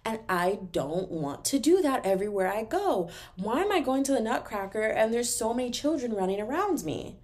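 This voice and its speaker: Animated Texan woman ranting. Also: on the high side. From Texas. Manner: animated, exasperated, talks fast with many fillers. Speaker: podcast host. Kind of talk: casual solo rant.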